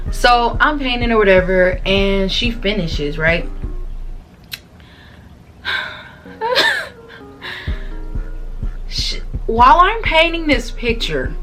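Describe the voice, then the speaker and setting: A woman's voice: mid-range voice, bright, forceful tone. A young woman telling a casual storytime in her bedroom, chatty and slangy, talking straight to her viewers on camera. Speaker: vlogger.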